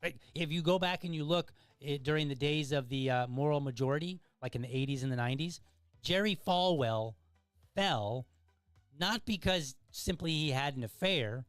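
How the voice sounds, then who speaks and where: A man's voice: fairly high pitch, normal speed, fairly bright tone, clean tone, dry recording, soft background music. Emphatic man lecturing on a dry mic. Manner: emphatic, lecturing, exasperated rhetorical questions. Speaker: podcast host. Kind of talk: opinion commentary reading chat comments.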